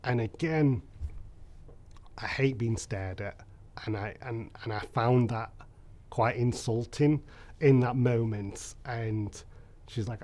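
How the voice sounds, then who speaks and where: A man tells his own story in an interview. His voice sits at a middle pitch, and he speaks candidly and reflectively, often pausing on soft fillers. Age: 30s.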